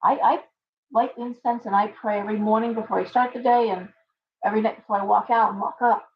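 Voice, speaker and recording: A woman's voice: medium pitch, steady tone, fast talker, highs cut off, slight background noise. A woman who runs a tarot shop, chatting casually on a live stream, rambling through stories and acting out her clients' lines.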